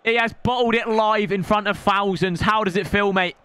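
Here a young man with a high-pitched, clean voice calls his video game live at a normal speed. He's excitable, ribbing his opponent and bursting into shouts.

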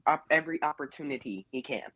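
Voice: medium pitch, expressive, quick pace, pushed and bright, no echo. A caller giving a casual, blunt and opinionated rant about reality TV, scolding the cast members directly. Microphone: phone or online call-in. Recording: muffled call-in line.

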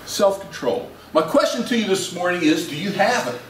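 In a church sanctuary, a male pastor with a high, expressive voice preaches briskly and leads prayer in a folksy, conversational style full of restarts. The recording is echoey and distant with faint hiss.

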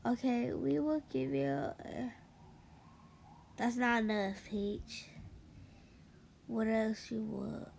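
Brief: female ASMR host, soft game playthrough, unhurried delivery, slightly high voice, hushed at times. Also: gravelly, a little hiss or hum. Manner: soft-spoken, reads game chat aloud, with slips and drifts into whispers.

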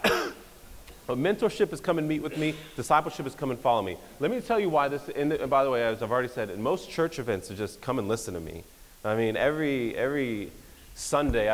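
A young man, giving an energetic, joking conference talk that pokes fun at pastors. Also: mid-range voice. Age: young adult. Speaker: speaker. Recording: hall reverb.

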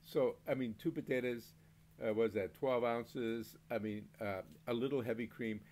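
An older man from Maine hosts a home beer review, rambling through stories in a casual monologue with mild swearing and frequent laughs. His medium-pitched voice is a little mellow with fairly even intonation and a moderate pace, and there's a slight hiss or hum in the recording.

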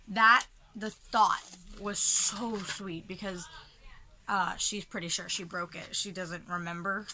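A young woman chatting casually in a home haul vlog, full of ums and soft asides, sometimes dropping almost to a whisper. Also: mid-range voice, background noise. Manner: chatty, filler-heavy, drops to soft near-whisper when touched. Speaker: vlogger. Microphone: camera mic, handheld.

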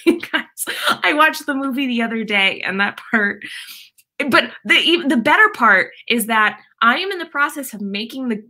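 Bright-voiced giggly young woman streamer. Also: fairly high pitch. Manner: chatty, giggly, lots of "like" and "um" fillers. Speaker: live-stream host. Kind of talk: casual live-stream chat reading viewer comments.

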